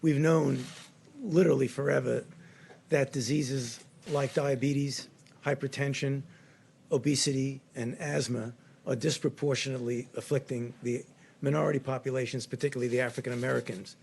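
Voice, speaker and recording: An older man giving measured, clinical explanations at a press briefing, speaking into a podium microphone. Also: medium pitch, steady tone, gravelly, a little mellow, breathy edge. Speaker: public health official at a briefing. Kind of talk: spoken press briefing remarks. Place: briefing room.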